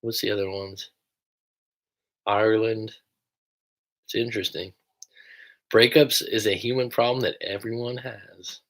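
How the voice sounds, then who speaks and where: A man's voice: lowish voice, steady tone, unhurried, long pauses, fairly bright tone. A young American man who coaches people through breakups, chatting casually and rambling on a livestream, swearing now and then. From United States.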